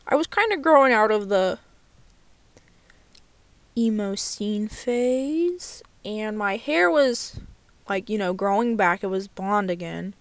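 Slow-talking young woman ranting from her car. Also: medium pitch, no room sound. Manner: candid, sweary, full of "like" fillers. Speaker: vlogger. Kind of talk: casual storytime chat. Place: inside a parked car.

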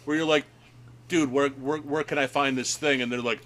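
A man's voice: medium pitch, steady tone, normal speed, a bit bright. A man in a casual podcast chat over a remote call, ranting bluntly with lots of swearing. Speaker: podcast co-host. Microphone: remote video call.

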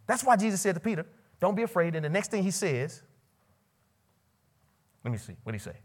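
A man preaches a sermon at a college ministry meeting. He questions the audience directly and swings from loud, soaring lines to quiet, low ones. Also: big pitch swings, brisk. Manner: preaching with sudden loud rises and quiet drops. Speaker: pastor.

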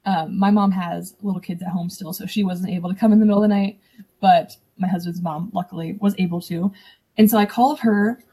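A young woman, a podcast guest, casually recounting a personal story in an animated way, acting out what others said. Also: lowish voice, fairly quick, breathy edge. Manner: animated, acts out quoted dialogue.

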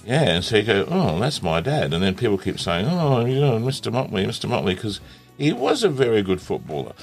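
A man's voice: fairly low pitch, sing-song, a little fast, vocal fry, soft background music. A man hosting a casual interview, jovial and laughing often as he leads laughing exercises. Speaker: host.

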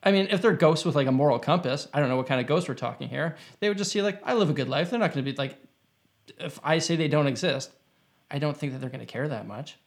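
A man's voice: fairly high pitch, quick pace. Chatty man telling a rambling story. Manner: rambling anecdote with many fillers and restarts. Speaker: podcast guest. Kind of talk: casual conversation, storytelling.

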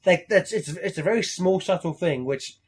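Husky, animated young man chatting. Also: high voice, normal speed. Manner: animated, swears freely, acts out quoted lines. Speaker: podcast co-host. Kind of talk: casual chat.

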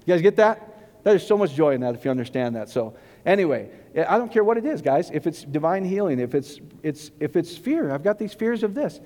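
A man preaching a casual, joking sermon, rambling and excitable, giddy from too little sleep. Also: high-pitched. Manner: rambling, excitable, long-winded. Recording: long reverb of a large hall.

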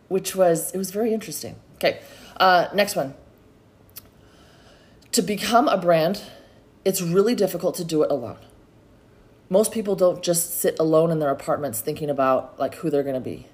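A woman's voice: low voice, moderate pace, darkish tone. A middle-aged woman hosting a solo podcast, talking in a chatty, encouraging way and calling her listeners y'all. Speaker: podcast host. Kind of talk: motivational solo podcast talk.

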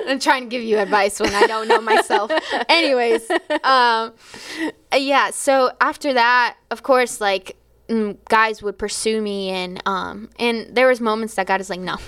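A woman's voice: fairly high pitch, animated, measured pace, a bit bright. A young adult woman, a teacher, telling a personal faith testimony in a chatty, storytelling way, acting out her own quotes and laughing often. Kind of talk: casual spoken testimony.

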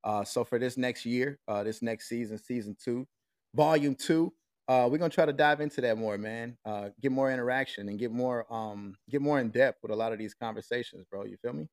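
American man, podcast host, relaxed slangy talk, mid pitch, dry close mic. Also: a little fast, no room sound. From United States. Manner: laid-back, slangy, thinks aloud with many fillers. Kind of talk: casual podcast chat. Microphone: remote call with a mixer.

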